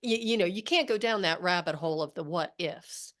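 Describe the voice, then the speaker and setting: A woman's voice: fairly low pitch, fairly quick, fairly bright tone. A woman hosting a podcast interview, attentive, giving short reactions and asking follow-up questions. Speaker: podcast host.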